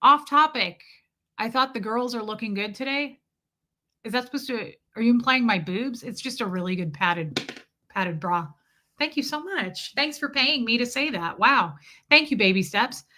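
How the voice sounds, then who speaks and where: Midwestern woman streamer with a bright voice, candid and profane, chats with viewers. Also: a little high, lively intonation, normal speed. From American Midwest. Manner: candid and profane, stops to greet chat viewers. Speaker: live streamer. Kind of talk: casual storytelling on a live stream.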